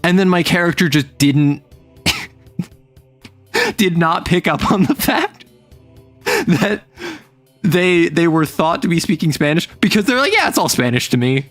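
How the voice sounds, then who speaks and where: Animated man chatting on stream. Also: high voice, slow, pauses often, dry recording, faint music behind. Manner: animated, rambling storyteller who laughs often. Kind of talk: casual chat.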